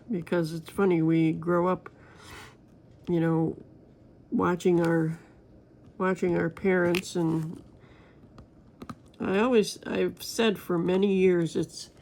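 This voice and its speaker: A woman's voice: on the low side, darkish tone. A woman crafting vlogger chatting casually and rambling to her viewers while she works on a diamond painting.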